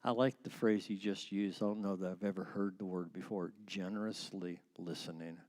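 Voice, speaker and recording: Low mellow-voiced man teaching. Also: fairly even intonation, normal speed. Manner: thoughtful, explains with everyday metaphors. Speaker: church teacher. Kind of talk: conversational church class talk.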